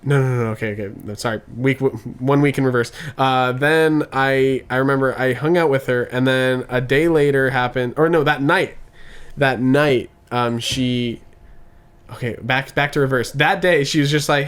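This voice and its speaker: A man's voice: mid-range voice, fairly even intonation, normal speed, fairly bright tone, smooth. Young male co-host, loose rambling storyteller, laughs through his lines, average voice. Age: 20s. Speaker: podcast co-host. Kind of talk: casual chat.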